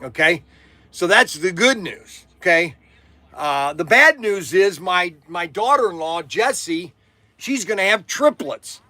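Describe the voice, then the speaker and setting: A middle-aged man who runs a toy shop, hosting a casual live stream in a loud, rambling, chatty way. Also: sits high, animated, measured pace, dry recording. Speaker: toy shop owner and vlog host.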